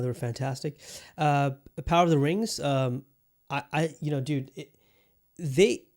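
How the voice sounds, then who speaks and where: Man, podcast host, casual review chat, mid-pitched voice, rambling, stop-start, enthusiastic, swears casually. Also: a little mellow.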